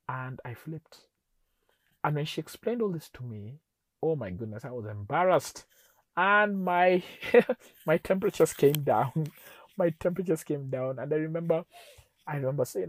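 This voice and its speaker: Husky man telling a lesson story. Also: fairly high pitch, normal speed, long pauses, dry recording. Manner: animated storyteller who acts out scenes. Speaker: relationship teacher.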